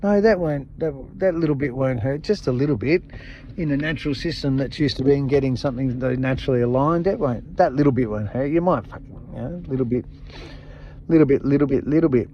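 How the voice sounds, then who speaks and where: A man's voice: mid-range voice, a little fast, slight background noise. A man hosting a podcast, giving an impassioned, blunt monologue full of swearing and repeated emphatic phrases. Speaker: podcast host. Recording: dull lo-fi sound.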